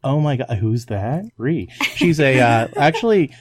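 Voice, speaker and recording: A man's voice: medium pitch, animated, unhurried, background noise. A man hosting a casual hobby podcast, joking and swearing freely between laughs. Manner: joking, profane, laughs often. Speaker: podcast host.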